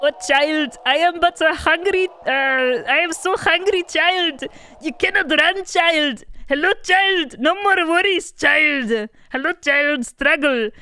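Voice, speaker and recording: A woman's voice: sits high, sing-song, drawn-out words, hardly any pauses, bright, forceful tone, pitched above the performer's own voice, exaggerated voice. A woman voicing a hungry, menacing monster uncle in a horror game, with a put-on mock German accent.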